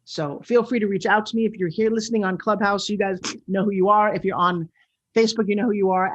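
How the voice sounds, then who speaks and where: A woman in her sixties with a New York accent, hosting a show in a loud, brash, animated way. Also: on the high side, slightly rough, dull audio. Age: 60s. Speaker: show host. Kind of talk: casual talk-show monologue.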